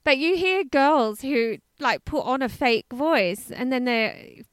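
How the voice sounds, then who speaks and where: A woman's voice: high-pitched, expressive, takes it slowly, clean tone, no echo, studio quality. A woman co-hosting a podcast, giggly and self-deprecating in casual chat. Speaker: podcast co-host.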